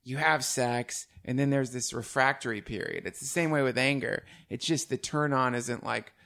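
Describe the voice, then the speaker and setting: In a gravelly, slightly bright voice of medium pitch, a man hosts a podcast at a moderate pace. He talks casually and energetically, swearing and laughing along the way.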